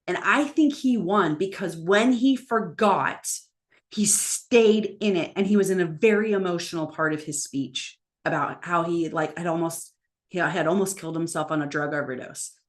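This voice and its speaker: A lively woman with a slightly low voice, coaching a class on public speaking during a live online session. She talks with emphatic encouragement and playfully acts out the lines people say. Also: normal speed. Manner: energetic, acts out quoted lines in different voices.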